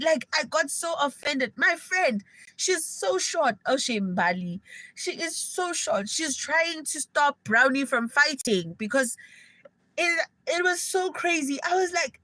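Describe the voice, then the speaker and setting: A young South African woman telling an animated, gossipy story to viewers of her live stream in casual slang. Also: a little high, a little slow, no room sound, poor audio. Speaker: livestreamer.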